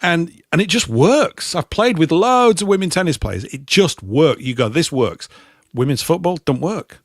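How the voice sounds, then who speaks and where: Lively, rambling British man. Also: fairly high pitch, normal speed, no echo, studio quality. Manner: rambling, opinionated, animated. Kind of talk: casual chat.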